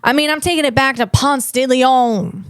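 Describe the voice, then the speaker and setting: A woman's voice: high-pitched, moderate pace, clean tone, no room sound, studio quality. A woman podcast host and comedian chatting casually, rambling and digressing with many restarts.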